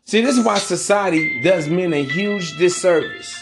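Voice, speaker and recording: A man's voice: high voice, moderate pace, over music. A man hosting a podcast, giving blunt, profane dating advice in an emphatic, preachy street-talk manner. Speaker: podcast host. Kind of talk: motivational dating advice monologue.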